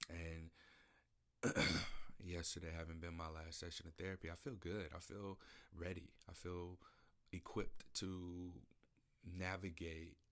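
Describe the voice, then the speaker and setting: A man hosting a podcast, speaking an emotional, searching personal monologue in a studio, often repeating himself. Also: low-pitched. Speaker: podcast host. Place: recording studio.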